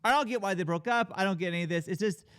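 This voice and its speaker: A man co-hosting a casual film discussion, retelling scenes with sudden pitch jumps as he acts out characters, with lots of swearing and fillers. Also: very fast, clean tone, dry recording, studio quality. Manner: animated retelling, acting out characters' lines with big pitch jumps. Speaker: podcast co-host reviewing a film. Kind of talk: casual chat.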